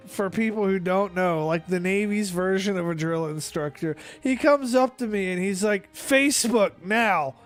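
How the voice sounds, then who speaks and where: A man in his thirties, talking excitedly in casual chat, swearing heavily and stumbling over restarts. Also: high voice.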